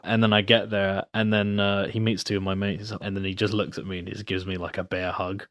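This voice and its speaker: A young man talks on a podcast in a loose, relaxed way, spinning a long story. His voice sits low. The recording is dry and close, with no room sound. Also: a little fast, no room sound. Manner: relaxed storyteller, acts out his friends' lines. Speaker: guest. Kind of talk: casual chat.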